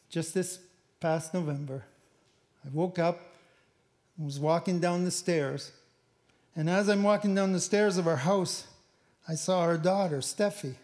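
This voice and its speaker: A middle-aged man with a fairly high voice tells a personal testimony. He speaks haltingly and often repeats words as he gropes for what to say. The delivery is emotional and heartfelt. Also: a little mellow. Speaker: missionary speaker.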